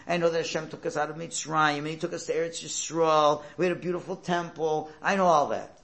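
A man's voice: on the high side, steady tone, brisk, gravelly, a bit bright. A man doing a bashful, humble poor porter. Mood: earnest. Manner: earnest, humble, plaintive.

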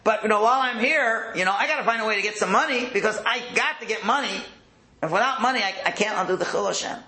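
A teacher acting out a fretful biblical patriarch. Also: male voice, high voice, fast talker, sharp tone, voice pushed up. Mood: scheming. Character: anxious biblical patriarch, worried man. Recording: roomy echo.

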